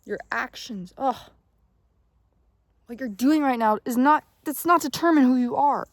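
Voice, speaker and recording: Speaking high-pitched and unhurried in a dry recording, a young woman delivers a casual motivational talk to camera. She's emphatic and curses freely, slips into a whisper now and then, and keeps asking "okay?".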